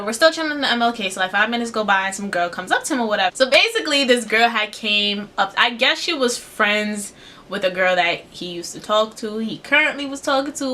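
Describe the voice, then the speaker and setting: Animated young woman vlogger, bright voice. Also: slight background noise. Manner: animated, acts out quotes with big pitch jumps; slangy, run-on storytelling. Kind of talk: casual storytime.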